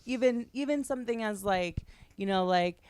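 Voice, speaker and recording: A woman's voice: mid-range voice, a little mellow, smooth, dry recording. Chatty woman podcast host. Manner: agreeable, chatty, quick to back up the guest. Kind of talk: casual interview chat.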